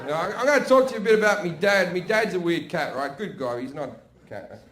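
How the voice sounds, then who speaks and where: A man's voice: sits high, expressive, fairly quick, a bit bright, some chatter behind, slight background noise. An Australian man performing a crude stand-up routine, telling stories full of swearing and asides to a live audience. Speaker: stand-up comedian. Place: stage before a laughing audience. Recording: roomy live venue sound.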